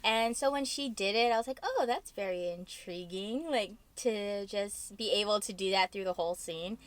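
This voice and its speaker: A woman's voice: medium pitch, steady tone, normal speed. A bubbly young woman who acts, co-hosting a casual chat, laughing often and using lots of fillers. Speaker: co-host, actress.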